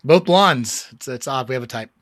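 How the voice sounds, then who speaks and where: A man's voice: mid-range voice, lively intonation, normal speed, crowd noise. A man co-hosting a casual podcast chat about music, enthusiastic and rambling, with lots of fillers and restarts and some swearing. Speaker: podcast co-host.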